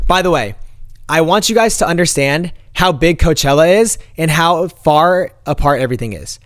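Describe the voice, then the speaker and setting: A young man vlogging an animated story to camera and acting out the quoted lines. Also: on the high side, normal speed, no echo, studio quality. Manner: animated, acts out quoted dialogue.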